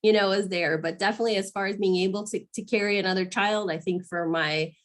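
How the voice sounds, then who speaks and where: Thirties mom from arizona, middle pitched voice, earnest and a bit emotional, keeps restarting, laughs a lot. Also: female voice, fairly even intonation, fast. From Arizona, USA. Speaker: guest, mother sharing her story. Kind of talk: candid interview talk.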